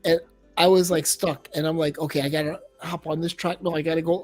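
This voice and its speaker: A man's voice: on the high side, steady tone, brisk, a little mellow, no room sound, soft background music. Male co-host, earnest storyteller with vocal sound effects, dry sound. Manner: earnest, uses sound effects while telling stories. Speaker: podcast co-host. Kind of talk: casual chat.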